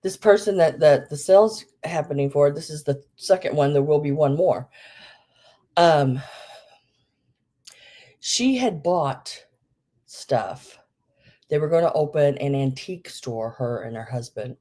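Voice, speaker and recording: A woman hosts a live vintage sale stream, talking in a slow, low, mellow voice. She rambles warmly with plenty of ums and stops to catch her breath now and then. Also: expressive. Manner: rambling, many ums, Southern "y'all". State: a bit out of breath. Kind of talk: casual live-stream chat.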